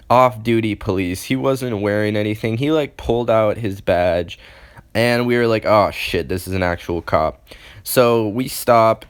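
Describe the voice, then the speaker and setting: A man's voice: mid-range voice, smooth. A young man in his late teens telling a story casually to camera, rambling and swearing freely. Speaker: storytime vlogger.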